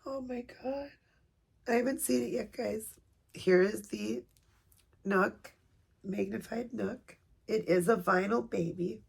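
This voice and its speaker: A woman at home filming an unboxing video for her vlog, talking softly and gushing with emotion. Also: mid-range voice, takes it slowly, vocal fry, husky. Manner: gushing, soft-spoken, emotional. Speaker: vlogger. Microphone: camera set up nearby.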